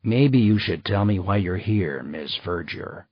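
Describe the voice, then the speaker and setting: A man's voice: deep voice, lively intonation, measured pace, slightly rough, no echo, full character voice. A man voicing a guarded, terse male detective in an audiobook reading. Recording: slightly dull dry recording.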